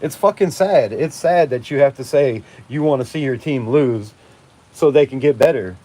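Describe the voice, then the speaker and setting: This man's voice sits mid-range and is mellow, with a moderate pace. In his forties, he hosts a live fan channel stream outside at night in a storm, ranting, swearing heavily, laughing often and speaking emphatically.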